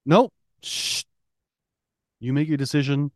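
A man's voice: on the high side, a little mellow, no room sound, clean studio sound. A man co-hosting a music podcast in casual chat, teasing and swearing, often restarting his sentences. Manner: profane, teasing, halting with many restarts. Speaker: podcast co-host.

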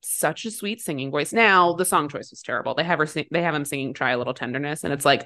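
A woman's voice: low-pitched, quick pace, hardly any pauses, bright, forceful tone, dry recording, studio quality. A woman in her thirties co-hosting a podcast, chatting casually and sarcastically about a movie, slipping into voices for quotes. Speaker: podcast co-host. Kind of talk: casual movie-review chat.

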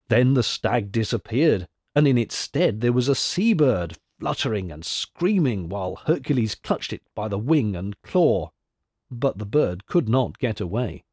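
A man narrating a classic myth in a measured, expressive storybook reading. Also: mid-range voice, no room sound, studio quality.

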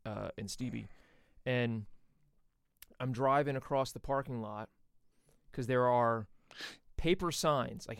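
A man telling a story on a podcast with animated indignation and frequent swearing. His voice is smooth and clear, at a middle pitch. The sound is dry and close. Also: dry recording. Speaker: podcast co-host. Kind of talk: casual chat.

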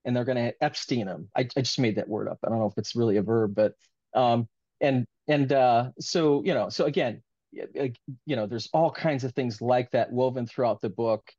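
A man's voice: medium pitch, moderate pace, dark tone, no echo, lo-fi sound. Man, author in an interview, earnest, rambling, heartfelt, dry close sound. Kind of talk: casual interview talk.

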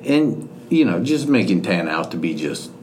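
A man's voice: low-pitched, normal speed, a little hiss or hum. A middle-aged man co-hosting a podcast, telling a long funny story in a joking, laughing manner. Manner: joking, animated storyteller who laughs often. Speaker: podcast co-host. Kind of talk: casual storytelling chat.

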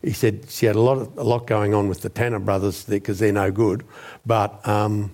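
A man, a former journalist, recounting a story as a guest in a measured, deliberate way. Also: lowish voice, little pitch movement, darkish tone. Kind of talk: storytelling interview.

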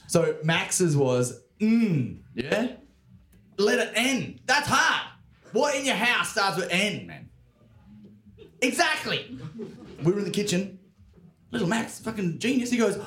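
A man's voice: a little high, lively intonation, normal speed, a bit bright. A man telling a funny anecdote on a podcast, swearing casually as he tells it. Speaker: podcast co-host, comedian. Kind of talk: comic storytelling. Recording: roomy echo.

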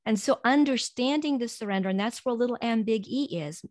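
A woman speaking as a guest in an earnest, reflective motivational talk, going soft and slow when guiding breathing and laughing lightly between points. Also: on the high side, no room sound, studio quality.

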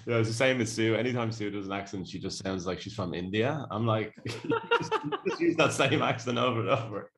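A man co-hosting a podcast in relaxed chat, teasing and chuckling as he talks. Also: on the low side, a little fast, few pauses. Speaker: podcast co-host.

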